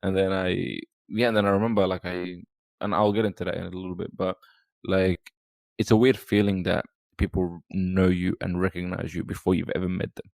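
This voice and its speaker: A podcast guest, talking casually and rambling with lots of fillers and restarts. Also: male voice, low voice, level tone, fairly quick, gravelly, darkish tone, dry recording. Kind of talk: casual chat.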